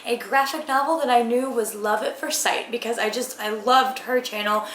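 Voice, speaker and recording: A woman's voice: on the high side, steady tone, moderate pace, a bit bright, echoey room, a little hiss or hum. A woman from the southern United States, chatting enthusiastically as a book vlogger in a casual tag video. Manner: gushing, enthusiastic, chatty with fillers.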